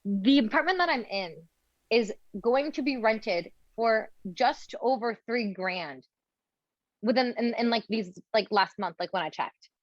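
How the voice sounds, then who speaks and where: A woman's voice: a little high, lively intonation, unhurried, no echo, lo-fi sound. A young woman from Arizona, a law student guest chatting casually on a podcast, full of "like" fillers. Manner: chatty, heavy use of "like".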